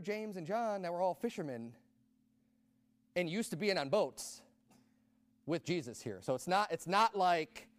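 A man preaching a sermon in a conversational way, rising to loud emphatic peaks. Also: fairly high pitch, no room sound.

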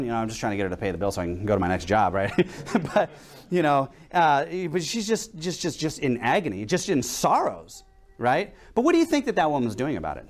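A man's voice: a little high, sing-song, quick pace. A young adult man preaching a sermon in a conversational way, telling stories and asking rhetorical questions.

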